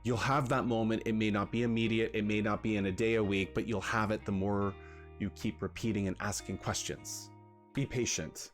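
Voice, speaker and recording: A man hosting a casual livestream, chatting with his viewers. His talk is animated, jumping between greetings and rants. Faint music plays underneath. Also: on the low side, a little fast. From Canada. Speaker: livestream host.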